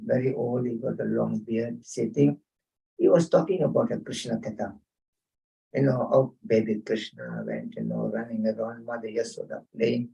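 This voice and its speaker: A spiritual teacher holds an informal scripture class at a home gathering, mixing chanted Sanskrit verses with chatty stories he chuckles through. His medium-pitched voice is mellow, warm and gravelly. The recording is muffled, and he sounds slightly distant from the mic.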